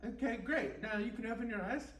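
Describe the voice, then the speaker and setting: A woman leading an absurd, deadpan guided meditation and chatting with the host at a live bookstore event. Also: on the high side, fairly quick. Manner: deadpan absurdist, rambling with fillers. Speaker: guest performer. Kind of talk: comic improvised guided meditation and chat. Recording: roomy and distant, faint background noise.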